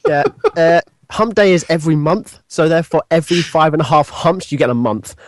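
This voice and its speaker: A man's voice: a little high, brisk, no echo. A British man chatting as a podcast guest, rambling and laughing at his own stumbles over words. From Britain. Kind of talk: casual chat.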